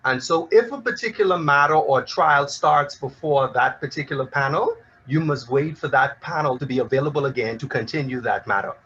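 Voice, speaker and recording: A man speaking as a panelist in a discussion, in a measured, formal way. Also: mid-range voice, bright, forceful tone, husky, highs cut off. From Bahamas.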